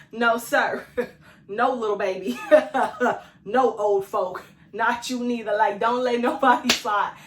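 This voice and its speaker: A woman's voice: fairly high pitch, slight background noise. A woman vlogger giving self-care tips in a casual, slangy, chatty way, talking straight to her viewers and laughing often. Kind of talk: casual talk to camera. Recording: echoey room, mic at a distance.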